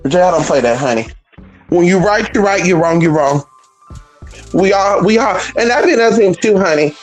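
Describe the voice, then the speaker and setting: A woman's voice: on the low side, lively intonation, normal speed, darkish tone, faint music behind, poor audio. A woman giving a sassy, blunt and profane vlog monologue, calling listeners honey and girl and talking back to imagined critics. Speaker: vlogger. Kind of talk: casual opinionated monologue.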